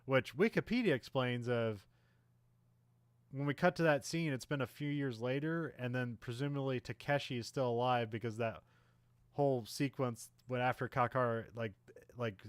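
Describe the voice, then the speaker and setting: A podcast co-host recaps a film in casual, rambling chat, filling his speech with "like" and "uh" and briefly acting out characters' lines. His clear, resonant voice sits at a middling pitch at normal speed, recorded dry and close with no room sound.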